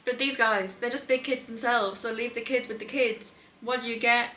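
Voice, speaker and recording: A woman's voice: a little high, steady tone, a little slow, pushed and bright, low-quality recording. A young woman chatting casually about her reading at home, laughing often and sounding tired. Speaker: book vlogger. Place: home indoors.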